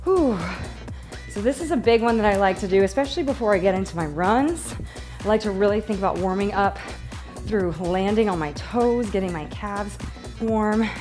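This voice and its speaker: Female fitness instructor, mid-pitch, energetic cueing between breaths, light music bed. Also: brisk. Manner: upbeat, encouraging, counting reps. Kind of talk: live workout coaching.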